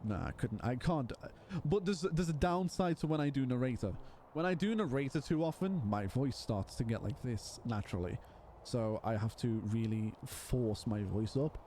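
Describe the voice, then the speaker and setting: Animated man streaming a game. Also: medium pitch, moderate pace, a little hiss or hum. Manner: rambling, restarts, animated. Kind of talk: casual live-stream chat while playing.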